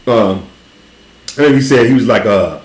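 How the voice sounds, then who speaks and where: A man with a Southern accent hosting a casual chat, telling an animated, profane story and laughing often. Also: lowish voice, normal speed. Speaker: podcast host. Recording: roomy echo.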